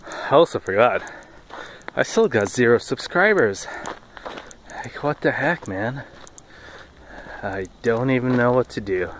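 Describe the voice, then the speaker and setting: A man's voice: mid-range voice, animated, unhurried, long pauses, slight background noise, rough recording. A man vlogging casually while walking outdoors on a path, telling rambling, jokey stories.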